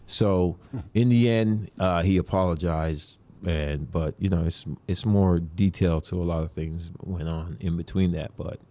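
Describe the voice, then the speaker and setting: A man's voice: low voice, a little slow, few pauses, mellow. A man as a podcast guest in casual chat, laid-back and slangy, often saying "you know".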